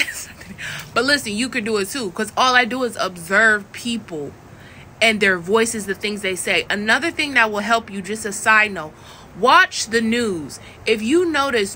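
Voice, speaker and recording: Brief: woman from Florida, casual vlog coach, bright, blunt and chatty, fairly high voice. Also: expressive, normal speed, slight background noise. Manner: chatty and blunt, laughs often. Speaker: online coach.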